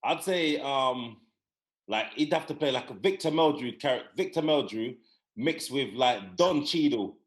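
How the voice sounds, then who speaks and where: A man co-hosting a casual chat, telling animated, laughing stories. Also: medium pitch, a little slow. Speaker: co-host.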